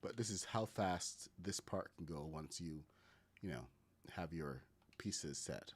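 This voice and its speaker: Deep-voiced Caribbean man streaming. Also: expressive, slow, husky. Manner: thinks aloud, talks to chat while building. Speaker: gaming streamer. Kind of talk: casual building tutorial commentary.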